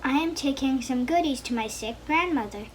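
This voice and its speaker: A woman's voice: high-pitched, moderate pace, slight background noise, lightly acted. A woman reading a polite, earnest little girl.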